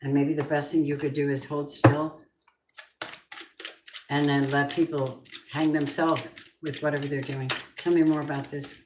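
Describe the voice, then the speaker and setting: A woman's voice: deep voice, flat delivery, normal speed, pauses often, heavy background noise. A woman giving a tarot reading, musing and asking the cards and spirit questions aloud. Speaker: tarot reader. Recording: roomy echo.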